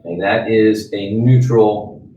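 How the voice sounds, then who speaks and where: A man's voice: lowish voice, steady tone, slow pace, dark tone, recorded from a distance, dull audio. Male trainer, conversational lecture, roomy echo, a bit off-mic. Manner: conversational, checks in with "right?" and "okay?". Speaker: sales trainer.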